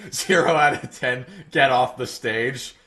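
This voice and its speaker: A man's voice: medium pitch, slow pace, sharp tone. A young man streaming live, chatting with his viewers in a jokey, exasperated way. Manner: exasperated, jokey, talks to chat. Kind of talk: casual live stream chat.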